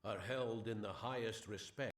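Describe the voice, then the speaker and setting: A man voicing a gruff Scottish veteran warrior. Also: fairly low pitch, fairly even intonation, normal speed, lightly acted. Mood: stern. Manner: thick exaggerated brogue, stern and formal. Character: gruff veteran male mercenary warrior, proud. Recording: game audio from afar, roomy.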